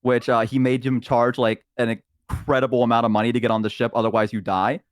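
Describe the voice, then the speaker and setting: A man's voice: medium pitch, level tone, fast. A man on a voice call in casual chat, telling a long roleplay story with many fillers and little acted voices. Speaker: guest on a stream.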